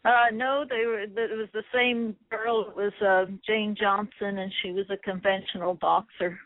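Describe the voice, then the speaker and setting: A middle-aged woman with an Irish accent speaks softly and hesitantly, pausing on fillers as she answers questions. Her voice sits in an ordinary middle pitch and comes through a narrow, tinny phone line. The sound is dry, with no room around it. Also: fairly even intonation, no room sound. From Ireland. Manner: soft-spoken, hesitant with many fillers. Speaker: guest, former boxer. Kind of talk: phone interview.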